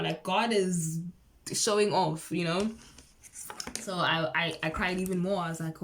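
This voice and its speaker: A woman's voice: on the low side, unhurried, long pauses, slight background noise. Chatty young woman telling a story. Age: early 20s. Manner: chatty, excitable, lots of fillers and quoted dialogue. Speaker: vlogger. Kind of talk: casual storytelling to camera.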